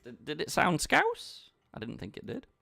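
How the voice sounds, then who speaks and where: A man's voice: a little high, huge pitch swings, moderate pace, gravelly, bright, forceful tone, soft background music. A man chatting casually with his viewers while he plays online poker, bantering and talking to the chat. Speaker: poker streamer. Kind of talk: casual live-stream commentary.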